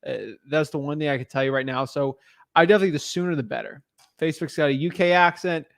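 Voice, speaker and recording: A man's voice: a little high, fairly even intonation, fast, no echo, clean studio sound. A man hosting a casual live stream, answering viewer questions with energy, lots of fillers and restarts, repeating himself for emphasis. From United States.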